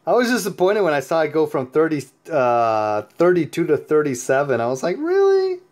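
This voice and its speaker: A tired, sleepy man giving chatty, excitable gameplay commentary as host of his own channel, laughing often. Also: a little high, fairly quick. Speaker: mobile game player and YouTube host.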